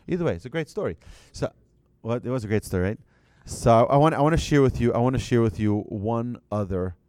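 Man, religious teacher, storytelling talk, low mellow voice, halting restarts, dry sound. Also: clear, resonant tone, no room sound. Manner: conversational, halting restarts, light asides to the audience.

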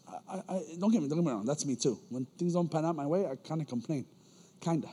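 A man preaching a casual, animated sermon in a church as an elder, using slang and acting out quoted voices. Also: fairly high pitch, fast talker, breathy edge, long reverb tail.

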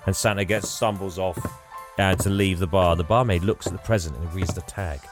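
An English man hosting a podcast, retelling a film with lots of laughter and animated storytelling. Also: deep voice, a little fast, over music. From England. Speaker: podcast host. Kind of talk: casual chat, retelling a film.

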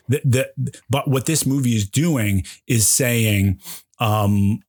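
A man's voice: medium pitch, measured pace. A man in his forties hosting a casual film discussion, talking effusively and emotionally, tripping over his own restarts as he gushes. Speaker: podcast host.

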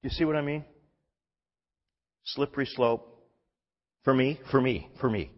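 A man's voice: medium pitch, a little slow. A man, a pastor, preaching a sermon in a church hall, emphatic and often restarting his sentences. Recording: dull recording in a reverberant hall.

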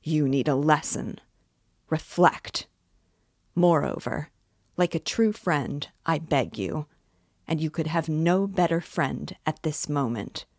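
A woman's voice: deep voice, darkish tone, no room sound, clean studio sound, heavily acted. Woman reading as a pompous lecturing man. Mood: reproachful. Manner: measured, lecturing, reproachful. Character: pompous, self-righteous middle-aged man accuser.

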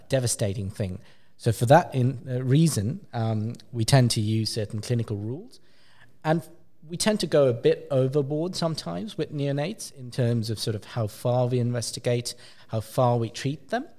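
A man, a pediatric clinician, explaining a research paper in a journal club discussion with lively emphasis and frequent fillers. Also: mid-range voice.

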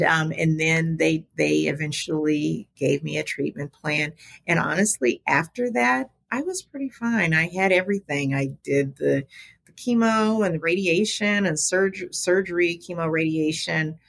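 A middle-aged woman, a podcast guest, telling her story candidly in an animated, conversational way. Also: lowish voice, vocal fry. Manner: animated, talks to the host as "girl". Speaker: podcast guest, small business advocate.

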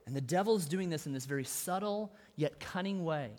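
A man with a fairly high voice delivers a sermon like he is talking with the room. He leans on key words with emphasis and drops in wry asides along the way. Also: lively intonation, fairly quick, a little mellow. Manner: conversational, emphatic preaching with asides and humor. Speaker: pastor.

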